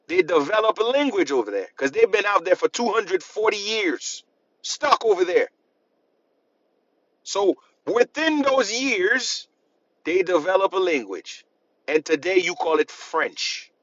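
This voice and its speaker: A man's voice: sits high, very animated, slow pace, pauses often, fairly bright tone, no echo. A man lecturing on history, emphatic and repetitive, asking the listener rhetorical questions. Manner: emphatic, repeats points, asks rhetorical questions. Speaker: history channel host. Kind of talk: lecturing to camera. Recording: dull lo-fi sound.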